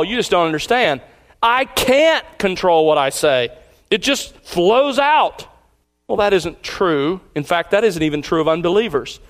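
A man preaching a sermon, deliberate and emphatic, repeating key lines slowly for weight. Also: sits high. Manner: deliberate preaching cadence with pauses. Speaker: pastor.

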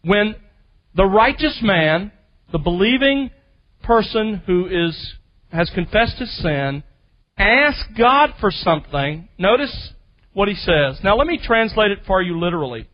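High-voiced man preaching a sermon. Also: big pitch swings, muffled recording. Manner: teacherly, emphatic, slows for key phrases. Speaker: pastor. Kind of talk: expository sermon.

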